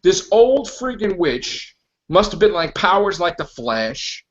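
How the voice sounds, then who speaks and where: Man, podcast host, exasperated rant, high voice, swooping pitch. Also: takes it slowly. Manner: animated, exasperated ranting with acted-out quotes. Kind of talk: casual movie review chat. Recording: dull lo-fi podcast audio.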